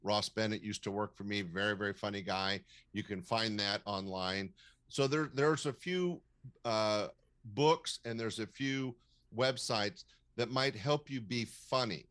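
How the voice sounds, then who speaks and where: An older man with a low voice shares advice from his years in comedy. He talks in a measured, storytelling way, with plenty of fillers. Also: fairly bright tone. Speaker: comedy producer and club owner, guest. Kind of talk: casual interview talk, advising.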